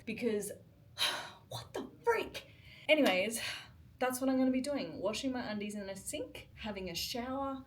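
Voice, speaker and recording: A woman's voice: medium pitch, a little hiss or hum. A young woman vlogging from a hotel room, talking to her camera in an emotional, exasperated rant. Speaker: travel vlogger. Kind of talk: casual vlog talk to camera.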